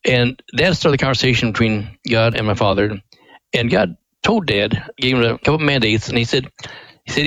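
An older man recounts a family story as a radio guest, folksy and animated. He speaks at a mid pitch, and the sound is dry and close to the mic. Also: moderate pace, dry recording, poor audio. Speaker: ministry president, guest. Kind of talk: storytelling interview.

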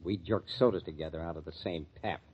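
An actor playing a sarcastic, tough-talking club owner in a 1940s radio drama. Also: male voice, low voice, quick pace, slightly rough. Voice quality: sneering, tough-guy slang. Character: gruff, sarcastic male club owner, middle-aged, bitter. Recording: muffled old radio recording.

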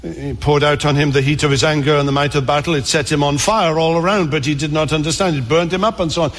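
A man preaching a sermon in earnest tones, repeating words and slowing down for emphasis. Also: on the high side, fairly even intonation, in a large hall.

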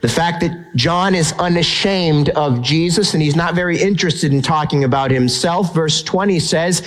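Emphatic preaching man, higher voice. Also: normal speed, few pauses, low-quality recording. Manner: emphatic, conversational preaching with rhetorical questions. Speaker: pastor. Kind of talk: sermon.

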